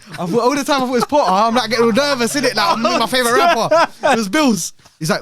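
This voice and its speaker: A young man, a podcast guest telling animated stories in slang, often repeating himself. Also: high voice, fast talker, no room sound. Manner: animated storyteller, heavy slang, repeats words. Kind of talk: casual chat.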